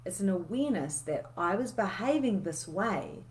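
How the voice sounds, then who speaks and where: A woman's voice: mid-range voice, animated, moderate pace. A woman, coaching in a casual, candid live session where she swears freely and reads out viewer comments.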